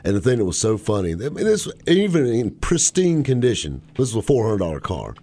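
A man with a low, mellow voice that swings widely as he tells stories. He chats casually about old cars and throws in jokey asides. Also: brisk, no room sound. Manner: animated storyteller, jokey asides. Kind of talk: casual car chat.

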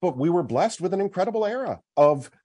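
A man's voice: high voice, animated, fast, mellow. Emphatic male sports talk host. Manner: emphatic, argues his point at length.

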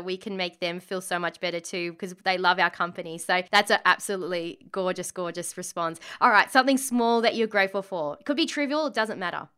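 A woman hosting a casual podcast, bubbly and quick to laugh. Her voice is bright and forward, with a middling pitch. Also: clear, resonant tone. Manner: upbeat, giggly, chatty. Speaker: podcast host.

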